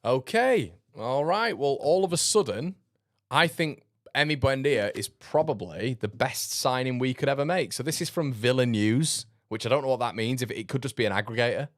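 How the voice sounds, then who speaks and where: A man with a mid-range, lively voice at a normal pace hosts a casual football fan channel livestream. He reads viewer comments aloud, tossing out blunt, sarcastic remarks and laughing often, in studio-quality audio with no room sound.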